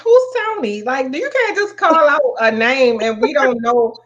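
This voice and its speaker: A woman co-hosts a casual podcast, talking bluntly and with lots of slang. Her voice sits a little high, and the sound is somewhat dull and lo-fi. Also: lively intonation, a little slow. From New York. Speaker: podcast co-host. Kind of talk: casual chat.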